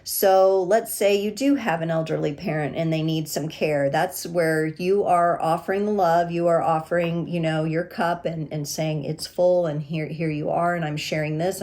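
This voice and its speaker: A woman giving a gentle, reassuring tarot reading, speaking with pauses and restarts. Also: deep voice, fairly even intonation. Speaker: tarot reader.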